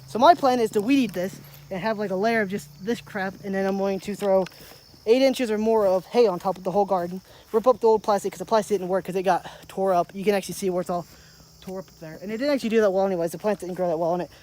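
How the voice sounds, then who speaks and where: A young woman vlogger strolls through her garden outdoors, filming a casual daily walk-and-talk on a handheld camera. Her warm, medium-pitched voice moves quickly as she chats and rambles, saying "like" again and again.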